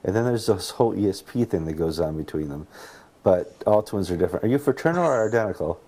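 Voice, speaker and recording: An easygoing American man hosts a casual newscast, laughing readily and often restarting his sentences. His voice sits on the low side. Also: animated, quick pace, mellow, rough recording. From United States. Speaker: host. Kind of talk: casual news chat.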